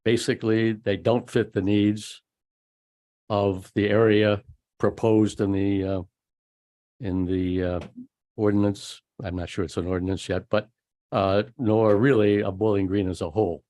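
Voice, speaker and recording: Deliberate man with hesitant pauses. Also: on the low side, level tone, dark tone. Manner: measured, many "uh" pauses. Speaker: resident giving public comment. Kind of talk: public comment at council meeting. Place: city council chamber.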